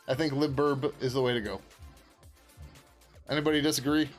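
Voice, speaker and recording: A man who is a software developer streaming his work, chatting casually as he codes. He rambles, laughs often, answers his viewers and swears now and then. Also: mid-range voice, steady tone, measured pace, soft background music. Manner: swears casually, many fillers. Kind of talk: casual live-stream chat while coding.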